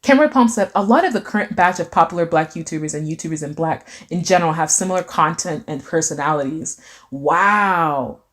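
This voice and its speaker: A woman's voice: sits low, fast talker, few pauses. A young adult woman hosting a casual livestream, reading viewer comments aloud and reacting playfully, with lots of filler words and sudden squeals. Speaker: livestream host reading chat.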